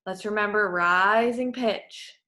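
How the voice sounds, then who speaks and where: A woman's voice: medium pitch, slow pace, sharp tone. Encouraging woman voice clinician. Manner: patient, encouraging, instructive. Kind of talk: clinical voice therapy session.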